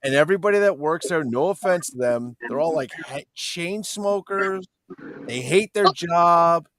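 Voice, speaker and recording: A man's voice: a little high, unhurried. A man hosting a casual live-stream chat, swearing freely and laughing a lot as he tells stories. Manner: laughs often, swears, animated storytelling.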